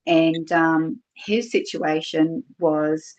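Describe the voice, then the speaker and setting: A middle-aged Australian woman guests on a podcast, casually storytelling about her experiences with plenty of fillers and quoted dialogue. Her voice is low-pitched, steady, a little mellow, and very slow. The podcast recording is dull and lo-fi.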